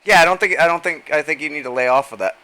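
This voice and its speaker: Sex: man. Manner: teasing, bright tone. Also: a little high, very fast, smooth. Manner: teasing, mock-serious, stammering restarts. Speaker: streamer. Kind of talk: casual banter.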